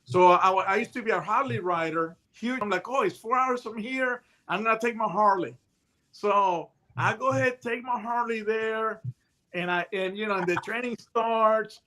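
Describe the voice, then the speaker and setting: A man in his sixties, a retired hostage negotiator, telling stories in a casual, animated way and acting out the voices in them. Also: high-pitched, moderate pace, a little hiss or hum. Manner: animated storyteller who acts out voices in his tales. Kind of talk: casual anecdotal storytelling.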